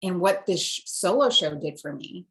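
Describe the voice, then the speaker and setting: A woman from Singapore, an actor, telling stories in a lively, casual interview. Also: on the low side, normal speed. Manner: animated storyteller, switches accents.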